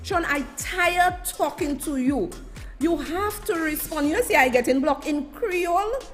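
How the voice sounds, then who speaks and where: A woman's voice: sits high, measured pace. A woman hosting a live stream, chatting and effusively greeting her viewers by name. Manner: animated, effusive, sing-song shout-outs. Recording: faint music behind.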